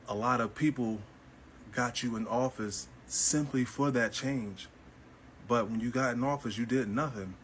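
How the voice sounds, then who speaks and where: A man's voice: mid-range voice, a bit bright, a little hiss or hum, rough recording. Blunt man in podcast commentary. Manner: blunt, dismissive, direct address. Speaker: podcast co-host.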